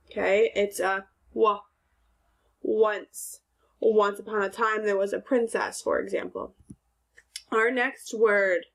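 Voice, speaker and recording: Slow, patient woman teaching phonics. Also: mid-range voice. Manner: slow, clear teacher talk, stretches out sounds, asks and answers own questions. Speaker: second grade teacher. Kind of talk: recorded phonics lesson.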